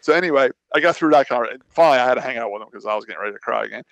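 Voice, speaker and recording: A regular guest on a casual podcast, this local racer tells a long, rambling story in a mid-range, gravelly, slightly bright voice, talking rapid-fire and with animation. He keeps restarting sentences and replaying what other people said to him. The audio is dry with no room sound, and the highs are cut off.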